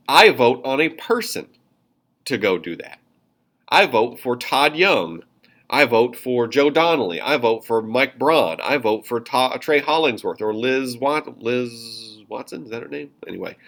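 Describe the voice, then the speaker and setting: A man's voice: medium pitch, lively intonation, unhurried, fairly bright tone. A man teaching a government class in a casual, chatty way, with many fillers and asides, from Indiana. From Indiana, USA. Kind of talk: classroom lecture notes.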